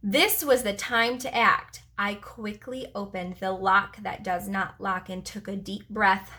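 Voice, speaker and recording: A woman teacher reading a children's chapter book aloud to her preschool class, with expressive storytelling. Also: mid-range voice, a little slow.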